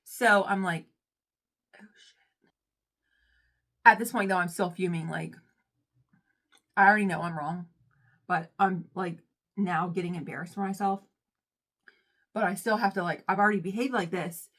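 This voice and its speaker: A woman's voice: on the low side, moderate pace, pauses often. Chatty, dramatic young woman vlogger. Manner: chatty and dramatic, swinging from loud outbursts to hushed, whispery asides; self-mocking. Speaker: storytime vlogger. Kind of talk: casual storytime chat.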